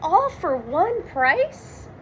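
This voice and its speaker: A woman voicing a jittery, always-hungry young cartoon man in a children's storybook read-aloud, with excitable yelping exclamations. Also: very high-pitched, very slow, background noise, pitched above the performer's own voice, full character voice. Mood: easygoing.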